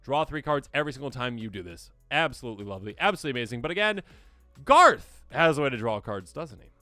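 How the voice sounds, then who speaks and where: Host, male, animated and bright-toned, dry close recording, soft music under. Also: fast, no room sound. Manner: excitable, acts out players' reactions in squeaky voices. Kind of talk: enthusiastic card game deck overview.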